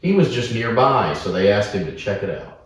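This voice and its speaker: A man from Oklahoma, co-hosting a podcast and telling a story in a casual, animated, profane way. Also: fairly low pitch, fairly quick. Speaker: podcast co-host. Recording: echoey room, mic at a distance.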